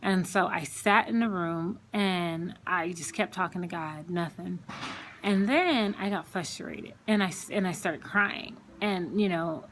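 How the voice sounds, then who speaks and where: A Christian woman shares her personal faith testimony at home, earnest and conversational, with lots of fillers and repeated words. Her voice sits on the low side and is a bit bright, and she speaks unhurriedly over a faint hiss or hum.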